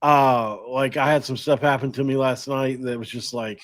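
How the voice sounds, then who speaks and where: A man hosts a sports podcast in a relaxed, chatty way. He rambles, corrects himself and laughs at his own slips. His voice sits at an ordinary middle pitch. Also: moderate pace. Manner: chatty, rambling, self-deprecating, laughs often. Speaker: podcast host. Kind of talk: casual sports podcast talk.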